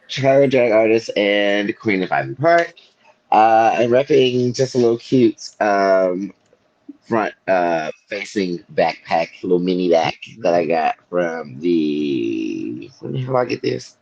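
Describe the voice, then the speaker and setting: Deep-voiced male co-host, playful rambling chatter, dull lo-fi sound. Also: lively intonation, a little slow, creaky, a little mellow. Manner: playful, rambling, joking asides. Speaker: podcast co-host. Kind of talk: casual chat. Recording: muffled lo-fi audio.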